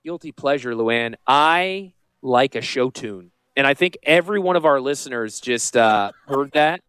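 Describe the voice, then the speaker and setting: A man's voice: mid-range voice, lively intonation, unhurried, fairly bright tone, clear, resonant tone, no room sound. A middle-aged man from Connecticut hosting a radio show, joking and rambling in casual talk. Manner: joking, rambling, self-deprecating. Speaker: radio show host and financial advisor.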